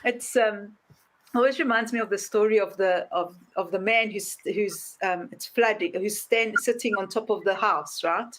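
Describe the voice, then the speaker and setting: A woman hosting a podcast interview, telling stories with lively acted-out voices. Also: mid-range voice, normal speed, slight background noise. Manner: animated storyteller, acts out voices in anecdotes. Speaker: podcast host. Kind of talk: casual interview talk.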